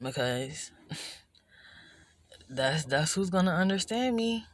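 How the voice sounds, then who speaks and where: A woman's voice: deep voice, lively intonation, very slow. A woman vlogger talking through her feelings in a rambling, introspective way, full of restarts and "you know", recorded indoors at night. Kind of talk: reflective personal vlog monologue.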